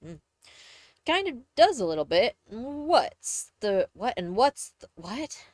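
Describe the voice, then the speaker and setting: A woman's voice: a little high, sing-song, slow pace, no echo. Rambling Southern-accented woman streamer. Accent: mixed Southern and Midwestern US. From Texas, USA. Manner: rambling, self-correcting, chatty. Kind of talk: casual live-stream chat, reading aloud.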